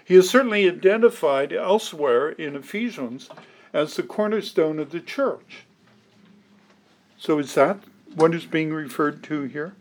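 Male pastor, higher-pitched, preaching a verse-by-verse sermon with deliberate emphasis. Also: lively intonation. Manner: deliberate, emphatic, reads scripture aloud in old wording. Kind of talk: expository sermon.

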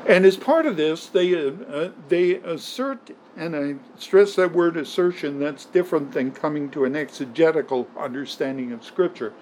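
Emphatic male preacher, fairly high voice. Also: moderate pace, few pauses, a little mellow, slight background noise, poor audio. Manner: emphatic, repeats words for stress. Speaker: pastor. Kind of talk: sermon.

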